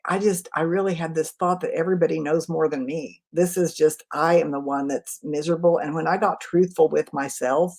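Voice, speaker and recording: A woman communication trainer in a live webinar, answering chat questions in a quick, conversational way. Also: deep voice, fairly even intonation, a little mellow. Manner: quick, conversational, self-aware.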